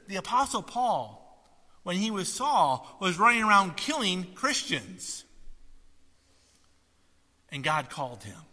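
A man preaching a sermon, swinging from loud, animated retellings to quiet, earnest asides. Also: high voice. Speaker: pastor. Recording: long reverb of a hall.

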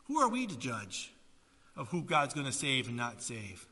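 A man preaching a sermon, swinging from loud, animated retellings to quiet, earnest asides. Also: medium pitch, normal speed, breathy edge. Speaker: pastor. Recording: long reverb of a hall.

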